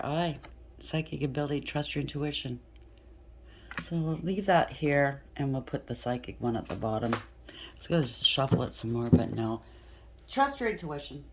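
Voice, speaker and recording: Woman with a low voice doing a tarot read, casual and blunt, swears a lot, thinks out loud. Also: slight background noise. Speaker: tarot reader. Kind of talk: casual tarot reading to camera.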